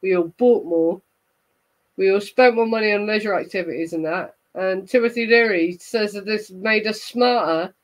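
The speaker is a woman with a medium-pitched voice at normal speed, captured on a rough recording with no echo. She hosts a true crime livestream and, tipsy on gin, rambles and rants through a casual chat full of heavy swearing.

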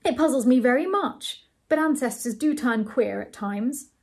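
A woman voicing a bashful, proud young gentleman host in a storybook reading, with a raised, eager, slightly pompous delivery. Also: very high voice, expressive, moderate pace, slightly rough, pitched above the performer's own voice, full character voice.

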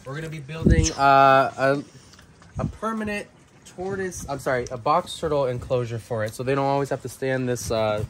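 A man's voice: medium pitch, normal speed, fairly bright tone, slight background noise. A man who volunteers at a tortoise sanctuary, chatting casually and giving short, easygoing replies. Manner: laid-back, short agreeing replies. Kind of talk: casual chat.

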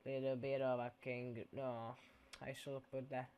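A man's voice: mid-range voice, little pitch movement, moderate pace, a little mellow, slight background noise. A man giving casual gameplay commentary in a goofy, playful way, dropping mock-Italian exclamations.

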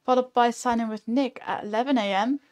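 A woman's voice: fairly high pitch, brisk, darkish tone. A woman co-hosting a community live stream, reading out the week's schedule in a cheerful way with dry asides. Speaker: co-host.

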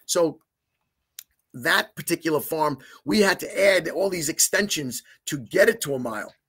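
This is a man with a somewhat high voice who tells stories with energy, acting out the lines of other people as he goes. He stumbles into restarts and fillers along the way. He speaks as a guest in an interview. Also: moderate pace, husky. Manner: lively storyteller who acts out dialogue; talks with many restarts and filler. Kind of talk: animated storytelling.

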